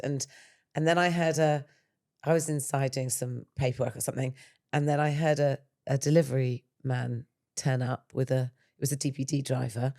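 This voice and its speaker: Animated woman telling a story. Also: very deep voice. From England. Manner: animated, laughs through her story. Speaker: podcast host. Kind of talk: casual chat, storytelling.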